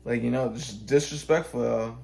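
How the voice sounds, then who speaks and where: Give me a man in casual chat with a mid-range voice. He tells a rambling, profane story, leans on "like" and restarts, and jumps into quick character voices. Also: mid-range voice, gravelly, a little mellow. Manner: acts out characters with quick voice changes.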